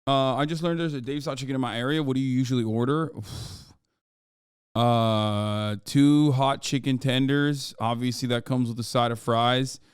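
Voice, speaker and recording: A man's voice: mid-range voice, fairly even intonation, normal speed, smooth, dry recording, studio quality. A man in his thirties hosting a live stream, chatting casually, joking and reading chat aloud. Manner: jokey, hyped, reads chat aloud. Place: home studio in Los Angeles.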